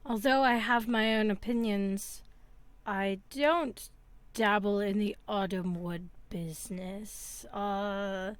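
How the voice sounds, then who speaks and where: A woman voicing a friendly, calm young man in love in a tabletop game, speaking in a mild, measured way. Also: mid-range voice, clear, resonant tone, no room sound, close to an everyday voice.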